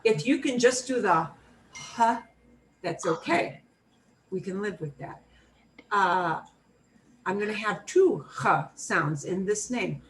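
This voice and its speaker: A woman's voice: medium pitch, expressive. American woman teaching Spanish from afar. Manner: slow, clear modeling of words for repetition. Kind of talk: beginner language class. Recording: room mic from a distance, faint noise.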